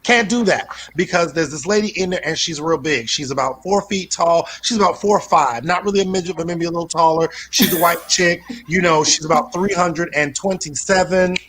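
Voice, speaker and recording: A male comedian rambling through a profane stand-up set with deadpan absurd asides. His voice is bright and forceful and sits a little high for a man. A faint hiss runs underneath. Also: brisk, hardly any pauses.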